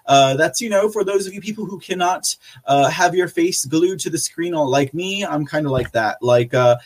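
A man's voice: on the high side, moderate pace. A man hosting a live podcast, reading out viewer chat in a casual, rambling way with lots of fillers and frequent laughter. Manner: chatty, rambling, laughs often, many fillers. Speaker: podcast host.

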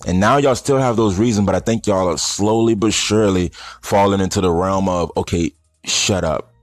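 A man's voice: on the low side, fairly quick, no room sound, faint music behind. A man giving a blunt, rambling, casual opinion monologue to his audience of stoners. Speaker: vlogger addressing stoner audience.

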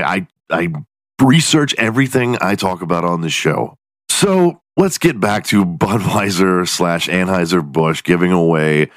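A man with a fairly low voice delivers a casual, profanity-heavy podcast rant. He jumps up high in pitch for sarcastic punchlines. The sound is dry and close, with no room echo. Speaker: podcast host.

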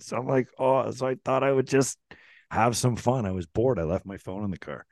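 A man with a mid-range, slightly mellow voice tells a rambling anecdote on a podcast at normal speed, restarting sentences, interrupting himself, and chuckling often. There is no echo.

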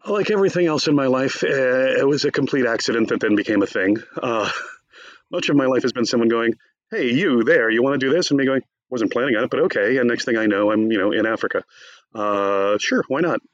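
This conversational interview features a talkative academic guest, a theater professor and author whose wry, animated storytelling comes in a brisk, medium-pitched voice. He's on a close, dry mic with no echo, and the sound is somewhat dull and lo-fi.

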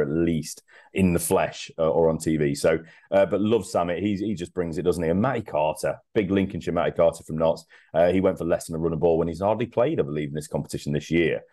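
Podcast co-host: man, very low voice, chatty and jokey, laughs a lot. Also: fast, dark tone. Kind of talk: casual sports podcast chat.

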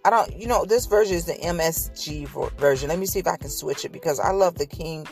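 A woman with a fairly low voice delivers an informal podcast sermon, earnest and direct with her listeners. She stumbles a little as she reads scripture aloud, and soft music plays faintly behind her. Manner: conversational preaching, halting while reading scripture aloud. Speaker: podcast host.

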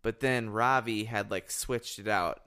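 A man's voice: fairly low pitch, unhurried, sharp tone, clear, resonant tone. A man co-hosting a podcast, talking bluntly and swearing freely. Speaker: podcast co-host. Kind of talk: casual chat.

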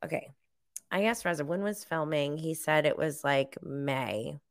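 Slow, smooth-voiced woman podcast host. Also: deep voice. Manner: chatty, giggly, rambling with fillers. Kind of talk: casual live recap chat.

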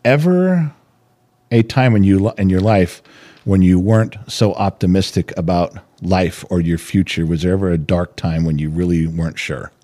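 A man's voice: deep voice, moderate pace, warm tone. A middle-aged man co-hosting a podcast, talking in a heated, ranting way and swearing freely. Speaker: podcast co-host. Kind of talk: casual chat.

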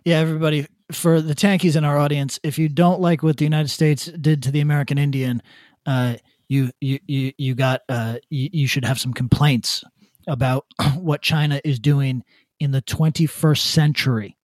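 A man co-hosting a podcast, ranting bluntly with swearing and halting restarts. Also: fairly high pitch, steady tone, a little mellow, no echo, clean studio sound. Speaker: podcast co-host. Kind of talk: casual opinion rant.

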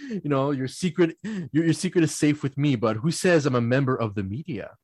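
Man, casual storyteller, rambling, laughs often, mid pitch, dry close sound. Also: lively intonation, fairly quick, no room sound. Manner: rambling anecdotes with frequent laughs and restarts. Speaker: podcast panelist.

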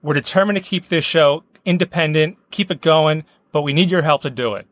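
A man hosts a comedy podcast with a dry, joking delivery. His voice sits a little high and sounds close and dead, with no room around it. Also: brisk, fairly bright tone, dry recording. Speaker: podcast host.

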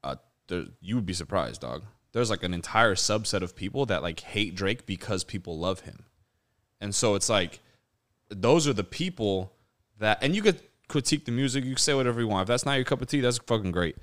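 A man's voice: lowish voice, expressive, a little fast, a bit bright. A young man co-hosting a casual sports chat, slangy and profane, calling people dog and bro. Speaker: podcast co-host.

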